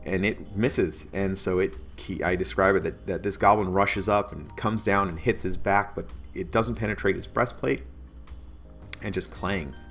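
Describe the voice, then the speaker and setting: Lowish-voiced guy recapping his tabletop game at home, rambly, lots of restarts. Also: fairly even intonation, normal speed, a bit bright, soft background music. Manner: rambling, many restarts, chuckles now and then. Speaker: game master.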